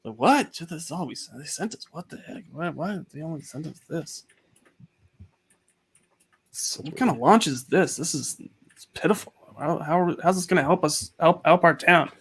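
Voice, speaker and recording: A man voicing an agitated male store clerk, in a high, strained voice. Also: fairly even intonation, normal speed, hardly any pauses, fairly bright tone. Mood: muttering.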